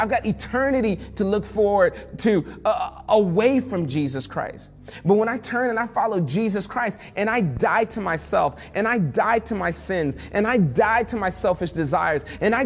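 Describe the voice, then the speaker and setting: A man's voice: high-pitched, big-room sound. A male pastor preaching a sermon in a conversational way that builds to fervent emphasis.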